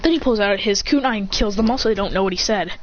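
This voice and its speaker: Over a dull, lo-fi recording with a slight hiss, someone with a medium-pitched voice speaks fast, rambling through a fan story. They keep restarting sentences and voice the characters' lines themselves.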